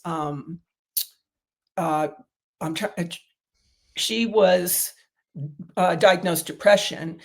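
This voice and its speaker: A woman's voice: lowish voice, creaky. A middle-aged woman, a guest on an interview, telling long stories in casual talk with many fillers and restarts. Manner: rambling, storytelling with many fillers. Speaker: guest, diet protocol developer.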